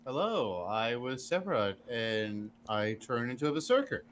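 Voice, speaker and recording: A man's voice: mid-range voice, very animated, moderate pace, a little hiss or hum. A man playing in a tabletop game, chatting casually and swearing freely. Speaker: player.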